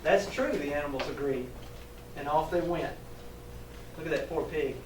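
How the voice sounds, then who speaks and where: A man whose voice sits on the high side reads a picture book aloud to children at a moderate pace, stopping to ask questions and chuckling animatedly. The teacher trainer is heard in an echoey room through a distant mic, with faint ambience and slight background noise.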